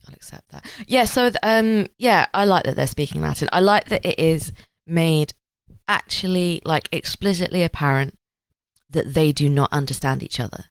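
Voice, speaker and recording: A woman's voice: sits low, normal speed, no echo. A woman co-hosting a podcast, chatting casually and jokily as she recaps a TV episode, rambling and swearing. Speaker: podcast co-host. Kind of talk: casual chat recapping a TV show.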